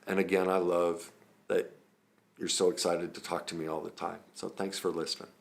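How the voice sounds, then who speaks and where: A man's voice: deep voice, flat delivery, normal speed, gravelly. A man, a trauma recovery coach, teaching through personal stories in an earnest, conversational way with frequent ums and self-corrections.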